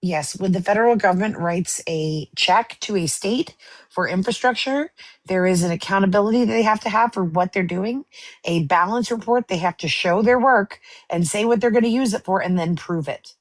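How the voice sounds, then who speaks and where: A woman's voice: mid-range voice, moderate pace, dry recording. A woman moderating a political panel debate, quizzing the others in a pointed, sarcastic way.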